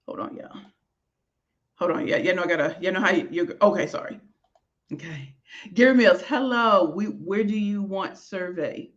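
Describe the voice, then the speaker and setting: A woman's voice: mid-range voice, fairly bright tone, highs cut off. A woman, a motivational speaker and author, talking heartfelt and rambling to viewers in an emotional live stream from a small hotel office. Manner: effusive, heartfelt, rambling with fillers.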